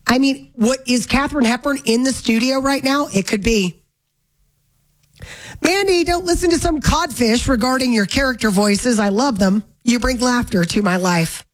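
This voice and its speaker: A chatty woman hosts a talk radio show, reading listener texts in a wry, casual way. Her voice sits fairly high, and she fires off quick asides.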